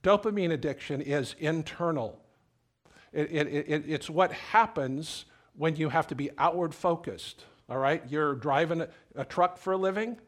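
A man's voice: a little high, moderate pace. A middle-aged male pastor preaching a sermon in a conversational, storytelling way, often repeating words as he goes.

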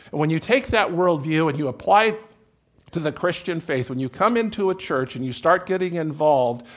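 A man's voice: a little high, fairly bright tone. A middle-aged man preaching a conversational sermon as pastor, folksy, with joking asides and little acted-out scenes.

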